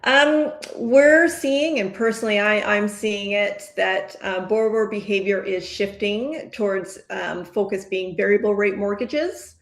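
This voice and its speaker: A woman's voice: mid-range voice, a little slow, few pauses. A woman mortgage broker in a casual panel chat, talking with many hesitations and ums. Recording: roomy echo.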